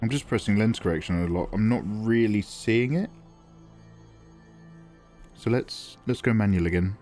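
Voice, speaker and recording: A man's voice: fairly low pitch, normal speed, a little mellow, soft background music. A man chatting casually and self-deprecatingly on a live art stream while he draws, reading chat aloud.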